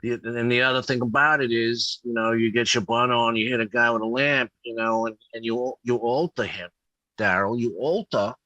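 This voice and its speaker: A man's voice: medium pitch, steady tone, normal speed, pushed and bright, no room sound, dull audio, close to an everyday voice. A man doing an impression of a streetwise older gangster, talking tough with bad grammar. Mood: menacing. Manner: tough, slangy, bad grammar, menacing advice. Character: streetwise older male New York gangster.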